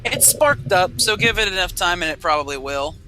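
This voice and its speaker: A man narrating a tabletop role-playing game as dungeon master, quick and conversational. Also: high voice, lively intonation, noisy background.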